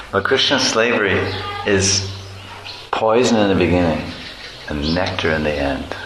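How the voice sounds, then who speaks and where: A man giving a devotional lecture as a spiritual teacher, animated and playful, often laughing and acting out voices. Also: sits low. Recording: echoey room with background noise.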